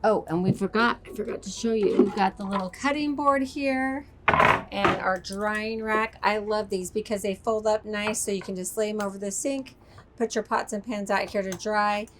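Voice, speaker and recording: A woman's voice: medium pitch, steady tone, normal speed, very noisy. A woman presenting a walk-through tour inside a motorhome, upbeat and chatty like an enthusiastic salesperson. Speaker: RV sales expert giving a tour.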